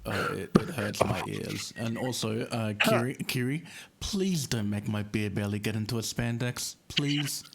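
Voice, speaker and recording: A man's voice: on the low side, vocal fry, fairly bright tone. A man on a live chat panel, speaking hesitantly with fillers. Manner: slow, drawn-out, hesitant. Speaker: panel guest. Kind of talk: live round-table chat.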